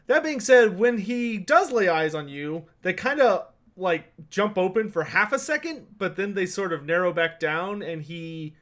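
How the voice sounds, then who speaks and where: Man, game master, high-pitched casual tabletop narrator. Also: animated, measured pace, hardly any pauses, fairly bright tone. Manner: casual, filler-heavy narration.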